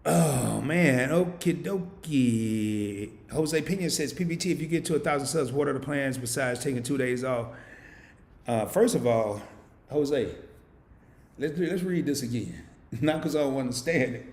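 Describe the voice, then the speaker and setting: A man hosting a casual live stream, reading viewer comments aloud and answering them playfully, swinging from loud hype down to low murmurs. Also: lively intonation, unhurried, echoey room. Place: home.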